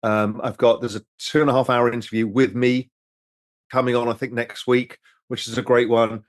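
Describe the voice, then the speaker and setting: A man hosting a relaxed live stream over drinks, answering viewer questions in a loose, rambling way and swearing freely. His voice sits at a middling pitch and is recorded close and dry, with no room echo. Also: moderate pace. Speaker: host reading viewer questions.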